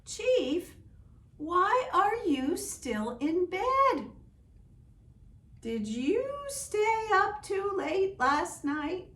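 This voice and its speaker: A woman voicing eager village children, talking high and excited, in an echoey room from a distant mic. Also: extremely slow, full character voice.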